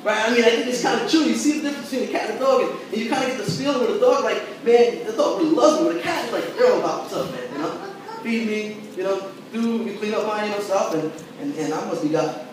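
A man preaching a sermon as pastor, talking in a conversational, animated way and checking in with the congregation as he goes. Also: high-pitched, fast talker, background noise. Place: church sanctuary. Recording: echoey church hall, mic at a distance.

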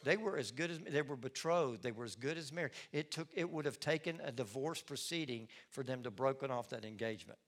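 A middle-aged male pastor preaching a sermon in an expressive storytelling manner. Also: mid-range voice, a little fast, few pauses. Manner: expressive, storytelling, acts out scenes. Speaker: lead pastor.

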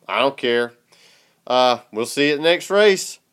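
Southern guy hosting a podcast, stuffy nose, smooth easygoing drawl, chuckles a lot. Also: mid-range voice, fairly even intonation, normal speed, fairly bright tone. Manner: laid-back, drawling, chuckles often. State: congested from a sinus infection. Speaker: podcast host. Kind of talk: casual chat.

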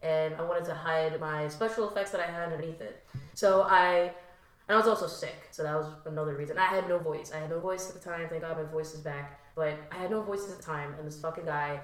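Animated young woman in an echoey room. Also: deep voice, fairly quick. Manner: animated, swears freely, acts out quotes. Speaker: podcast guest. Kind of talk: casual storytelling chat. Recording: roomy echo.

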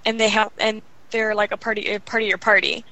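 Young adult woman, casual guest, fast rambling delivery full of fillers. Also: medium pitch, little pitch movement, pushed and bright, rough recording. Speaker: guest gamer. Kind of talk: casual chat.

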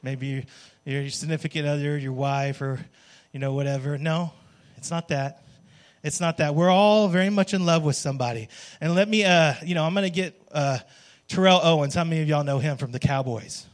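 High-voiced man preaching a chatty sermon. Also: fairly quick. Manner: conversational, keeps asking "right?"; jokey, calls on the congregation. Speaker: worship pastor.

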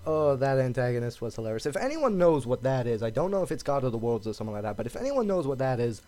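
A man co-hosting a podcast and telling a story with animation. His pitch rises and falls freely in a relaxed, chatty delivery. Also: quick pace. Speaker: podcast co-host. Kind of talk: casual chat.

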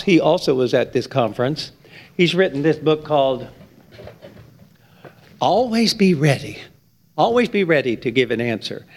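A man preaching a sermon, with emphatic stress that climbs high on key points. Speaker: pastor.

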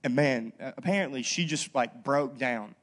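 A man preaching a sermon as pastor, talking in a casual, lively storytelling way and checking in with the congregation. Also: mid-range voice, moderate pace. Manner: conversational, lively storytelling with frequent "okay?" asides. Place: church.

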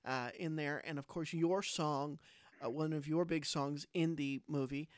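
A man's voice: fairly high pitch, fairly even intonation, a little slow, clean tone, no room sound, studio quality. A man hosting an interview, asking about the guest's career and affirming him often. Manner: affirming, admiring, frequent "mm-hmm". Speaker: podcast host. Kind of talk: interview questions.

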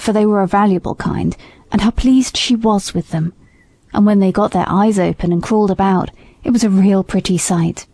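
A woman voicing an indignant old male horse who speaks low and gravely. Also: dark tone, no echo.

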